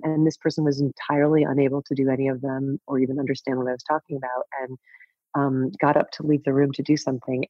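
A woman's voice: deep voice, darkish tone, no room sound, dull audio. A woman in her fifties telling a personal story as a podcast guest, frank and wry, laughing at herself. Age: 50s. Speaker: guest author.

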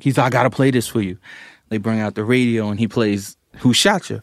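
Storyteller, male, animated; dry close sound, jumps high when quoting others. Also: a little fast, no echo. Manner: animated, acts out other people's quotes with big pitch jumps. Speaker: guest recounting a story. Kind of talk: casual anecdote.

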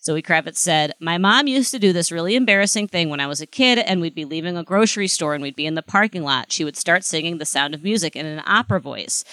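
A podcast co-host reading out celebrity trivia in casual, lively chat. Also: medium pitch, fast talker, hardly any pauses, dry recording. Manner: lively, chatty, laughs often.

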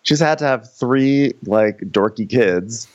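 Rambling man on a dull mic. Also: medium pitch. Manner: rambling, halting with many likes and restarts. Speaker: podcast co-host. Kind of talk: casual comedic recap chat.

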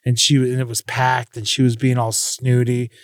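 Man, podcast co-host, casual chat, animated storytelling, dry sound. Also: moderate pace, no echo. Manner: animated storyteller, acts out quotes in a high voice.

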